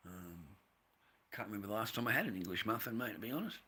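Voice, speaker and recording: An Australian man on a live stream, rambling and confrontational, swearing freely and veering from low muttering to loud outbursts. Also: expressive, fast talker, breathy edge. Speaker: livestreamer.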